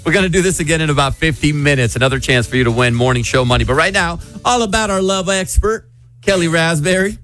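A man's voice: a little high, animated, fast, few pauses, a bit bright, faint music behind. A man hosting a radio morning show, joking with co-hosts and reading listener letters aloud. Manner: upbeat, joking. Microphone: studio microphone. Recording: dry studio sound.

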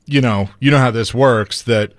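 A man co-hosting a sports radio show, talking in a measured, conversational way. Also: mid-range voice, no echo, studio quality. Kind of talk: casual sports talk.

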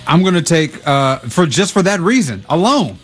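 A man's voice: on the high side, very animated, moderate pace, fairly bright tone, soft background music. Easygoing male sports radio guest. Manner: easygoing, laughs along. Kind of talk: casual sports radio banter.

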